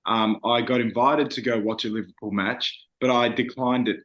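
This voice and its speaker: A man's voice: medium pitch, steady tone, normal speed, a bit bright. A young man, a singer, talking earnestly and reflectively in a casual interview, with frequent fillers.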